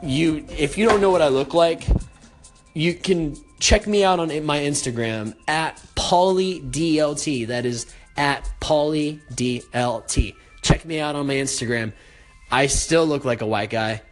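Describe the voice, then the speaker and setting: A man's voice: on the high side, a little slow. A young American man hosting his own radio talk show, stuttering and stumbling over his words as he chats casually. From United States. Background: music.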